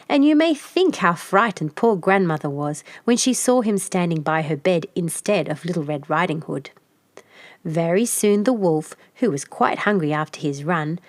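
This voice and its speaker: Female storyteller for a kids' fairy tale, gentle and even, dry close studio sound. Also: fairly low pitch, no room sound. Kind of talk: scripted storybook narration.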